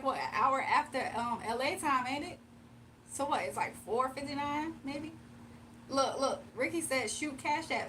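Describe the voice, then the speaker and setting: Her voice is high and fairly bright, picked up by a distant mic with a slight hiss or hum. This East Coast American woman hosts a casual early-morning tarot live stream from home, laughing often and reading viewer comments out loud.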